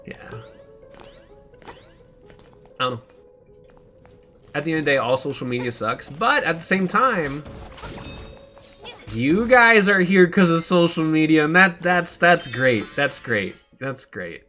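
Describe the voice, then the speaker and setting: A man's voice: fairly high pitch, expressive, measured pace, bright, forceful tone, faint music behind. A young man streaming a game, rambling in casual chat and laughing often.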